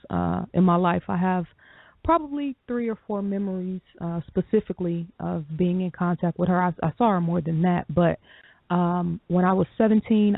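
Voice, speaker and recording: A woman co-hosting a call-in radio show who talks in a reflective, measured way, pausing often with ums. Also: fairly low pitch, vocal fry, dry recording. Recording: dry tinny phone line.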